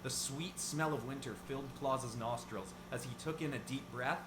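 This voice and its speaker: A man's voice: medium pitch, normal speed. Male creator narrating his story, casual delivery, noisy echoing room. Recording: echoey room with background noise.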